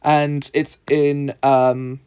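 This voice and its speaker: A man's voice: medium pitch, flat delivery, very slow, darkish tone, slight background noise. A man tutoring in a casual screen-recorded lesson, thinking aloud with frequent ums.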